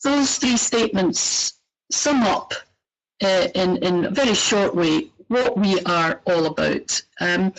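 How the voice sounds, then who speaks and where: A woman's voice: medium pitch, gravelly. Scottish woman presenting a webinar. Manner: friendly, hesitant with fillers. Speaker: executive director of a parks network. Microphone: computer microphone on a web call. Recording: poor webinar microphone.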